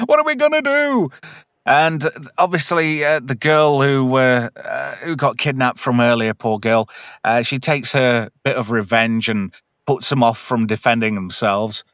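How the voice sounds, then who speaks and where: A man's voice: mid-range voice, steady tone, unhurried, fairly bright tone, smooth, no room sound, clean studio sound. A man hosting a casual film review chat, animatedly retelling scenes and humming theme tunes. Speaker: podcast host.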